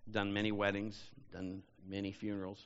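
A man's voice: on the low side, completely flat delivery, normal speed, a bit bright, clear, resonant tone, big-room sound, highs cut off. A man preaching a sermon as a pastor, telling personal stories in a conversational way and often saying "you know". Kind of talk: sermon storytelling.

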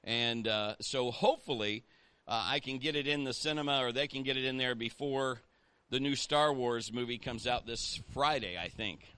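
A man's voice: medium pitch, normal speed, sharp tone, clear, resonant tone, dry recording. A man, a pastor, preaching a sermon in a conversational way and rallying the congregation with call-outs.

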